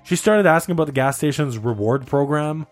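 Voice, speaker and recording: A man co-hosting a casual chat, telling a story in an animated, laughing way. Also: fairly high pitch, brisk.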